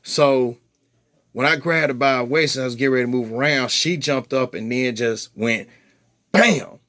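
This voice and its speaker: In a mid-range voice at a moderate pace, this vlogger shares a personal story with his viewers, heavy on profanity, fillers and restarts. When he quotes his own angry comebacks his voice spikes. The audio is studio quality with no echo.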